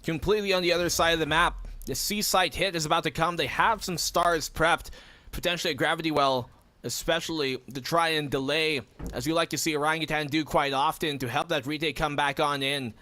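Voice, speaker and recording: A man's voice: a little high, fairly even intonation, fairly quick, sharp tone. A man casting an esports match, breaking down the plays as they happen. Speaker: esports caster. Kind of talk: esports commentary.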